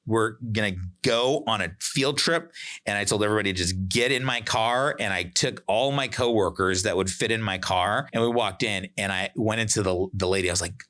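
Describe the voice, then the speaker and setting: A podcast host in his forties spins a casual story, acting out each line of dialogue with lively energy. His voice sits a little low, yet it carries a bright, forward edge. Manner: animated, acts out quoted dialogue.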